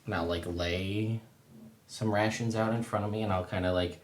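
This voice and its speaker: A man playing a tabletop game, talking through his character's moves in a relaxed, laid-back way. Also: lowish voice, normal speed, echoey room, slight background noise. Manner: laid-back, describing actions step by step. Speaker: player. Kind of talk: casual tabletop play.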